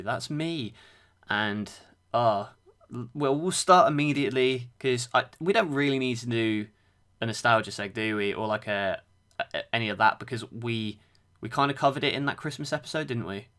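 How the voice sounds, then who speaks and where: A man's voice: medium pitch, normal speed, bright, forceful tone. Chatty, eager male podcast host. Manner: chatty, eager, thinks aloud. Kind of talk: casual chat.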